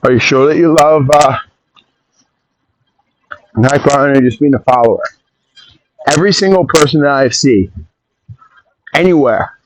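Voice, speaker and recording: A man hosting a podcast in a casual rambling monologue, opinionated and quick to jump off on tangents and interrupt himself. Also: mid-range voice, slight background noise, poor audio. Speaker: podcast host.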